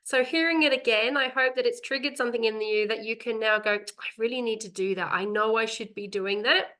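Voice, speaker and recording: A woman hosting an online event, speaking warmly and enthusiastically. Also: a little high, a little fast. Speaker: event host.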